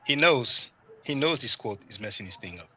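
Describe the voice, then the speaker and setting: A man hosting a livestream in a loose, animated way, peppering his talk with "you know" and "man". His voice is very bright and forward, and he sounds relaxed and conversational rather than scripted. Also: mid-range voice, normal speed, breathy edge, lo-fi sound. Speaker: livestream host. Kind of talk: casual livestream commentary.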